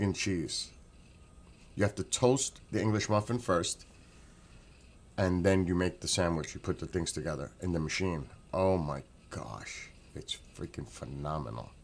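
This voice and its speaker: A man with a deep, low voice talks in a loose, rambling vlog at home. He raves with enthusiasm and circles back to the same points again and again. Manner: enthusiastic, rambling, repeats himself. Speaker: vlogger. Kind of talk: casual chat.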